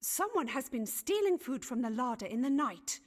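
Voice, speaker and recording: A woman's voice: high voice, sing-song, normal speed. An actress voicing a fussy, self-important Elizabethan noblewoman who chatters in archaic phrasing, in a video game. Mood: gossipy. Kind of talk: game voice acting.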